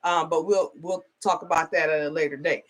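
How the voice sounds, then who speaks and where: A woman's voice: low-pitched, steady tone, a little fast. A middle-aged woman telling a story in a casual vlog, chatty and full of "okay?" and "you know". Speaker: spiritual advisor.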